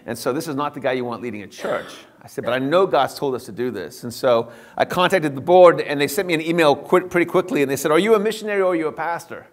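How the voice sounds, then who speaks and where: A middle-aged man, a pastor, giving a personal testimony to a church, earnest and swinging between animated and hushed. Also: medium pitch, fast talker, few pauses.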